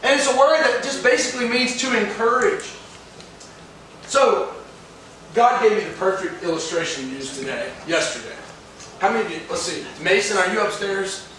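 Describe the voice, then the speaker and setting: A man's voice: high voice, animated, normal speed, noisy background. A male pastor preaching a sermon with emphatic delivery, often asking the congregation questions. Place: church sanctuary. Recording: echoey church hall from far off.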